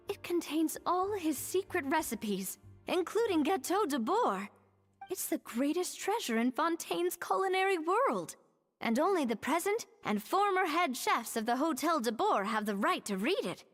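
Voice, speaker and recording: A woman's voice: high-pitched, fairly bright tone, exaggerated voice. An actress playing a knowledgeable young woman explaining lore in a game, matter-of-fact. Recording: reverberant game audio with music.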